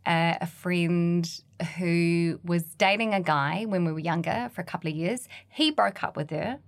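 A woman's voice: lowish voice, normal speed. A woman co-hosting a podcast, reading out examples and reacting with short exclamations. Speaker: podcast co-host. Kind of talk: casual chat.

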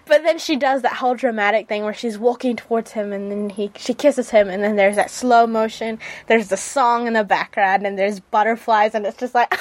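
A woman's voice: fairly high pitch, animated, normal speed, dry recording. A woman with a New Zealand accent hosting a radio show, reviewing a drama in a chatty, gushing way with many fillers and restarts. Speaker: radio host. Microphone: studio mic.

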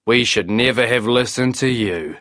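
A man's voice: medium pitch, normal speed, fairly bright tone, dry recording, studio quality, lightly acted. A man voicing a grumbling, doubtful young brother in a storybook.

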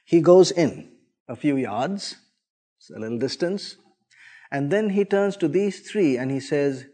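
A man preacher giving a sermon, telling the story dramatically with big swings from soft to loud. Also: fairly high pitch, expressive, unhurried.

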